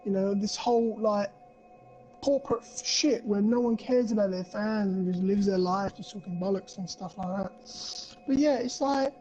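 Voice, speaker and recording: A man's voice: high-pitched, a little mellow. Man, casual podcast rant, heavy swearing, dull lo-fi recording, faint music behind. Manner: swears heavily, rambling with many fillers. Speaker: podcast co-host. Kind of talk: casual ranting chat.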